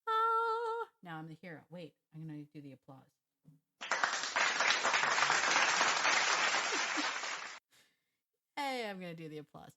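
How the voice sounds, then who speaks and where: A woman hosting a dog training podcast, talking in a chatty, animated way, often laughing and repeating phrases as she goes. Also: low-pitched, very fast, few pauses, over a noisy crowd, very noisy. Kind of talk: casual solo podcast talk.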